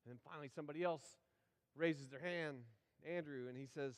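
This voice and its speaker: A man preaching to his congregation, retelling a story in a folksy, playful way and acting out the characters. His voice sits a little high. It carries a long reverb from the church sanctuary. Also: brisk. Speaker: pastor. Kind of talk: sermon.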